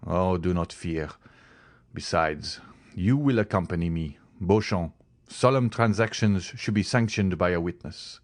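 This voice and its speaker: A man's voice: deep voice, unhurried, no echo. A man voicing a hot-headed young nobleman who is bent on a duel and speaks in intense, clipped, indignant tones. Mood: vengeful.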